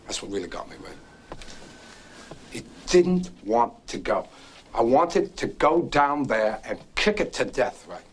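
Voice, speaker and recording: A man's voice: mid-range voice, sing-song, measured pace, husky. An actor playing a restless, boastful young man who rambles through a racetrack story and keeps prodding his listener with "right?". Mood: worked up. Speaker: actor in a film drama. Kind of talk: stage-play film acting.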